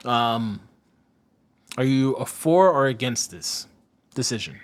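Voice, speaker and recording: A man's voice: medium pitch, lively intonation, slow pace. A man co-hosting a casual sports podcast, rambling and sarcastic, often stopping to search for a name. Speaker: podcast co-host.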